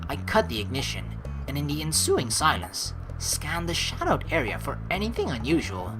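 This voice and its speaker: A woman's voice: deep voice, wildly swooping pitch, normal speed, music in the background, low-quality recording. A woman hosting a let's play, reading a visual novel aloud and breaking off into sarcastic, swearing asides.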